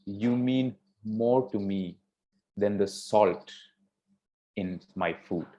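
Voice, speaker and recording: A man voicing a timid, quiet young princess who speaks softly and hesitantly, on a dull lo-fi recording. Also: lowish voice, drawn-out words. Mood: earnest. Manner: soft, hesitant. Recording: dull lo-fi sound.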